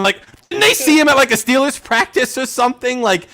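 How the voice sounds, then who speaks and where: A young man hosting a sports podcast, ranting in excited fan chat full of rhetorical questions and "like". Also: very high voice, fairly quick, gravelly. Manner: animated, ranting, rhetorical questions, says "like" a lot. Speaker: podcast host.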